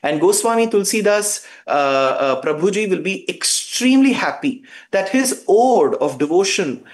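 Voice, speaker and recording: A man's voice: high-pitched, animated, normal speed. A man, a guest giving fervent, emphatic commentary on a talk show.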